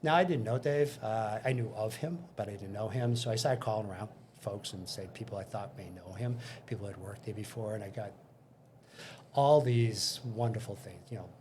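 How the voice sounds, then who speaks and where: A man's voice: on the low side, moderate pace, noisy background. An older man, a guest in an interview, casually telling career stories and acting out the conversations in them, with frequent restarts. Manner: anecdotal, acts out dialogue, frequent restarts. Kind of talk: casual storytelling.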